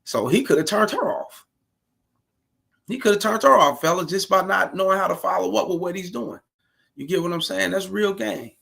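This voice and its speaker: Gravelly husky man giving blunt commentary. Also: sits high, normal speed, sharp tone. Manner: blunt, crude, streetwise advice to the fellas. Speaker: reaction commentator. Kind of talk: casual reaction commentary.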